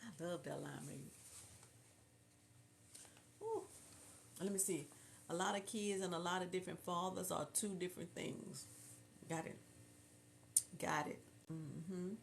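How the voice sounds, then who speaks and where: A Houston, Texas woman with a Southern drawl hosts a casual livestream, chatting and reading viewer comments aloud. Her voice is on the low side and unhurried, with vocal fry and frequent pauses, over slight background noise.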